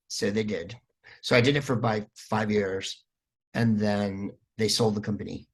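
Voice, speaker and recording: A man, a comedian guest on a podcast, telling stories in a lively, rambling way with plenty of fillers. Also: fairly low pitch, normal speed, slightly rough. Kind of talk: casual podcast interview.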